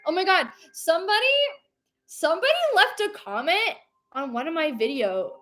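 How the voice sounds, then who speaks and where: A woman's voice: very high-pitched, big pitch swings, moderate pace, fairly bright tone, faint music behind. A young woman streamer chatting casually and rambling, reading chat aloud and laughing often.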